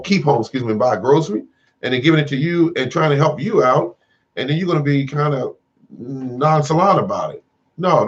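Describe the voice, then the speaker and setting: A man's voice: medium pitch, breathy edge. A man hosting a casual gardening livestream, rambling and repeating himself with many fillers. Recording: dull lo-fi sound.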